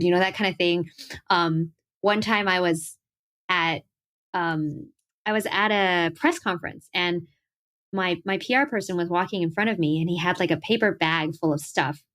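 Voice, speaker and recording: A young adult woman, a singer-songwriter, telling animated stories in a casual interview, acting out quotes and laughing often. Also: on the low side, moderate pace.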